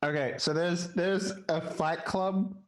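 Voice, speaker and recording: A man talks with enthusiasm as a tabletop game player. His voice sits somewhat high for a man. He speaks in an easy, chatty way. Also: fairly even intonation, slow pace, rough recording. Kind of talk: casual chat at a tabletop game.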